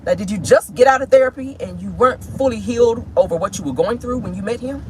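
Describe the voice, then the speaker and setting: A woman's voice: on the high side, fast, darkish tone, slight background noise. A woman, hosting casual celebrity gossip commentary with sassy, slangy asides. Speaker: host. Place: in a vehicle.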